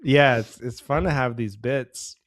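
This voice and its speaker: A man co-hosting a podcast, chatting casually and telling rambling, jokey stories that speed up when he gets excited. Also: mid-range voice, a little slow, no echo, studio quality. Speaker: podcast co-host. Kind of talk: casual chat.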